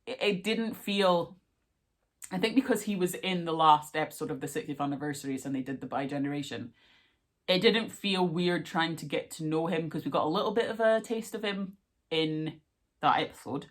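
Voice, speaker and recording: A young woman talking through a casual reaction vlog in a chatty, excitable way, full of fillers and asides. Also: low-pitched, normal speed. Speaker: vlogger.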